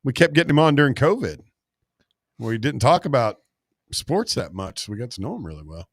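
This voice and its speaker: A man's voice: mid-range voice, big pitch swings, fairly quick, no room sound. A man with a mid-range voice co-hosts a sports talk show, ribbing the others in loose, joking banter. The sound is dry and close. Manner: teasing, joking. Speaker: sports radio co-host.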